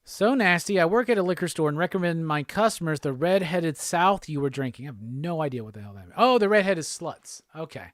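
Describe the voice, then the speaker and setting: A man hosting a live pop culture stream, chatting casually and reading viewer comments aloud with quick laughs. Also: on the high side, lively intonation, no room sound, clean studio sound. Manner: laid-back, chatty, quick laughs, reads chat aloud.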